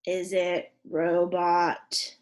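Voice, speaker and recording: A woman's voice: lowish voice, monotone. A woman teaching a phonics and spelling lesson to young children, sounding out letters and asking questions. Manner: slow, clear, sounding out letters and prompting questions.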